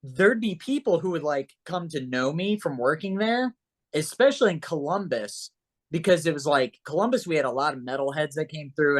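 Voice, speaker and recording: Animated man telling stories on a podcast. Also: fairly high pitch. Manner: animated storyteller, acts out quoted voices. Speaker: podcast guest. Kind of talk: casual podcast chat.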